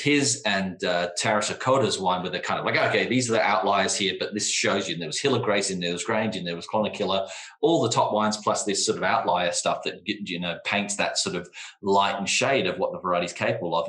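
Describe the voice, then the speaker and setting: Deep-voiced man in a roomy space. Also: fairly quick, a bit bright. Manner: enthusiastic, rambling, frequent restarts. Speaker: wine trade guest. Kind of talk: casual wine tasting conversation.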